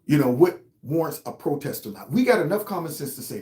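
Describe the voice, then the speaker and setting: Sarcastic commentary host in an echoey room. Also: male voice, fairly high pitch, expressive, fast talker, few pauses, mellow. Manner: sarcastic, mocking and heated. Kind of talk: political commentary. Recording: roomy echo.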